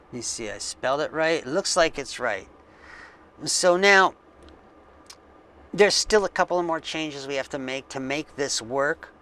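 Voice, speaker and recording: Guy doing a coding tutorial at his desk, talks slow, lots of ums, bright tone. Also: fairly high pitch, expressive, smooth. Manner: slow, thinking aloud, with frequent fillers. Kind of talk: screen-recorded coding tutorial. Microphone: desk mic with face cam.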